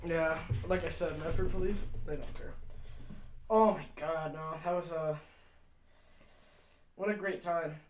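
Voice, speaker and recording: A young man telling a wild story in a casual podcast chat, swearing often and getting loud when he laughs, his voice worn out from talking. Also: fairly high pitch, fairly even intonation, unhurried, long pauses. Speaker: podcast co-host.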